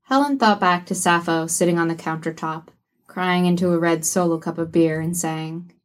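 Low-voiced woman narrating a story. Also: normal speed. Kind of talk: audiobook narration of fiction.

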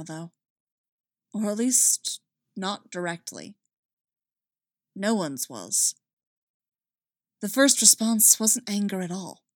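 A woman's voice: medium pitch, no room sound. Woman narrating a story, dry close sound. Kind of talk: audiobook narration of fan fiction.

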